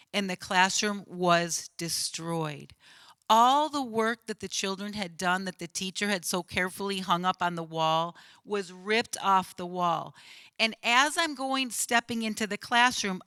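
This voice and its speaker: Bright-voiced woman in her fifties. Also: medium pitch, clean tone, dry recording. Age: 50s. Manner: earnest, vivid retelling with frequent "right?". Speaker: school counselor. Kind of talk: panel talk, storytelling.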